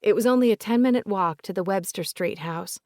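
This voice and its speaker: Woman reading a soft-spoken older Southern lady. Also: mid-range voice, brisk, dry recording, clean studio sound, lightly acted. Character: older Southern woman, polite, remorseful about her late father.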